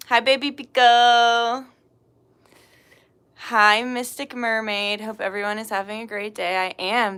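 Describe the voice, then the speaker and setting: A woman hosts a spiritual live stream in a bright, sharp-edged voice. She speaks informally, reads viewers' names aloud and drops plenty of "um"s, and her prayers come out soft and hushed. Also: fairly high pitch, smooth. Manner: greets chat viewers, laughs easily, fills with um. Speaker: spiritual reader and livestream host. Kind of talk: casual live-stream chat with opening prayer.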